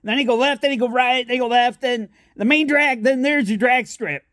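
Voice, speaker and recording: A man voicing a loud half-deaf older man who gives rambling directions and keeps shouting and repeating himself. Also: extremely high pitch, brisk, dry recording, studio quality, pitched above the performer's own voice.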